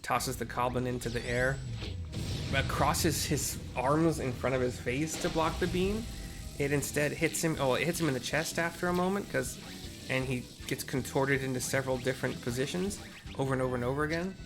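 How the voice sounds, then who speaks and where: A man casually describes game cutscenes as they play, chatty and full of self-corrections. His voice sits in a middle pitch range for a man. Faint game music runs underneath. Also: normal speed. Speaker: game narrator.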